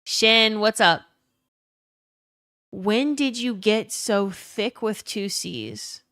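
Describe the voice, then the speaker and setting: A young woman talks quickly and loosely on her live stream, greeting chat by name and swearing freely. Her voice sits in a middle range, recorded close and dry at home. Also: medium pitch, a bit bright, no echo. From Louisiana. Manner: fast-talking, swears freely, greets chatters. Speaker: livestreamer. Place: home room.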